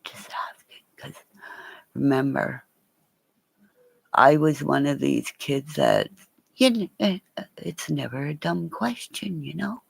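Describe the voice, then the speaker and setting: A woman's voice: sits low, big pitch swings, slow pace, creaky, long pauses, breathy edge, no echo. A woman rambling and swearing in a casual livestream chat with her viewers, laughing often.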